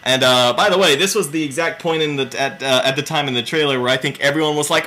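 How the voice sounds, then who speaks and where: A man hosting a video game reaction channel, talking excitedly and rambling through reactions and gameplay analysis at home on a built-in laptop mic. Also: on the high side, quick pace, hardly any pauses. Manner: excitable, exclamatory, rambling with fillers.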